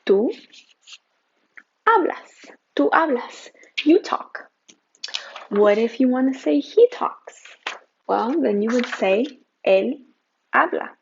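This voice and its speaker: Gravelly-voiced upbeat woman teaching Spanish. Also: a little high, animated, darkish tone, slight background noise. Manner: upbeat, patient, repeats examples slowly. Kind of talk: explaining a grammar lesson. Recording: slightly dull lo-fi sound.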